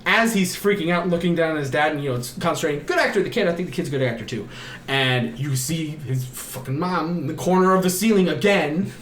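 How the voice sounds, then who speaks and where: A man co-hosting a podcast, recapping a horror film in a casual, animated way, acting out the characters with gasps and shouts and swearing often. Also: on the high side, quick pace, reverberant. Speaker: podcast co-host.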